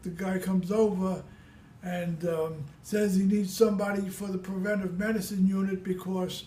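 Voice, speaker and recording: Older Brooklyn man with a high voice. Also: level tone, moderate pace, mellow. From Brooklyn, New York. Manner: rambling and repetitive, with many restarts. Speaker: veteran telling his war stories. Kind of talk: casual spoken storytelling. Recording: echoey room.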